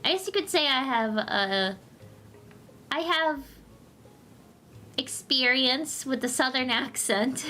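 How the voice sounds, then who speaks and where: A woman's voice: sits high, slow pace, pauses often, bright, forceful tone, soft background music. Playful woman reading comics live. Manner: playful, joking asides, switches into character voices. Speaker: streamer reading comics aloud. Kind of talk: live-stream comic read-along with character voices.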